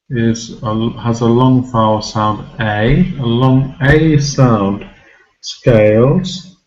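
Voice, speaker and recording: A man teaching English pronunciation, talking slowly and deliberately at a mid pitch. He repeats key words to drive them home, and the recording sounds a little muffled. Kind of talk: pronunciation lesson. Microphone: recorded for a video lesson.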